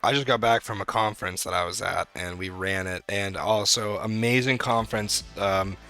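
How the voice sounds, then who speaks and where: A young man in his twenties co-hosting a podcast, telling rambling, animated stories in casual chat. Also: fairly low pitch, moderate pace, faint music behind. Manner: rambling, animated storytelling with profanity. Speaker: podcast co-host.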